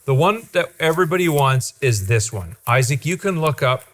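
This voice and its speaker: A man from Ontario, hosting a podcast as an enthusiastic, animated storyteller. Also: on the high side, normal speed. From Ontario, Canada. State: father. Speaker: podcast host. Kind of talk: casual chat.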